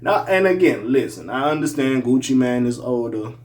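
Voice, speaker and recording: A young man with a slight accent riffs through casual opinion commentary for his channel. His mid-pitched voice swings between loud, incredulous outbursts and low, mumbled asides. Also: animated, moderate pace. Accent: slight regional accent. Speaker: hip-hop commentary vlogger.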